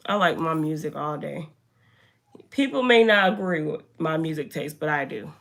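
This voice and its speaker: Bright-voiced young woman streamer. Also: deep voice, normal speed, gravelly. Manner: chatty, animated, talks to viewers by name. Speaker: livestreamer. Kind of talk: casual live-stream chat. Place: indoor room.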